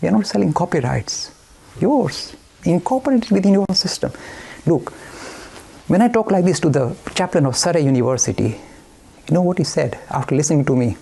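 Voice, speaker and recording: A man's voice: a little high, lively intonation, a little fast, vocal fry, dark tone, breathy edge. A man giving an emphatic, provocative lecture on religion, full of anecdotes and self-aware jabs.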